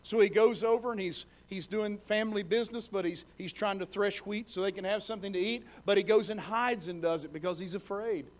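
A young adult man preaching a sermon in a conversational, storytelling way, animated as he retells scenes. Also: high voice, brisk, hardly any pauses.

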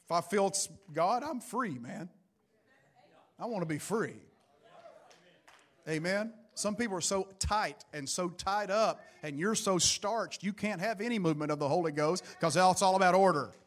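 A man's voice: high-pitched, moderate pace. A middle-aged man preaching a Pentecostal sermon in church into a microphone, building emphasis and calling for amens. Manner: preaching with rising emphasis and call-outs. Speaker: pastor.

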